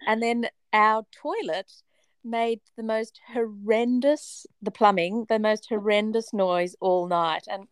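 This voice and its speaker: Smooth-voiced woman telling a story animatedly. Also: mid-range voice, slow, no echo. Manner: animated, dramatic storyteller, laughing often. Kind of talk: casual storytelling chat.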